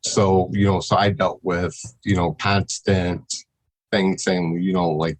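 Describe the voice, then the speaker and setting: A man speaking as a podcast guest in casual, halting talk, full of fillers and pauses. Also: deep voice, level tone, low-quality recording. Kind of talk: casual interview chat.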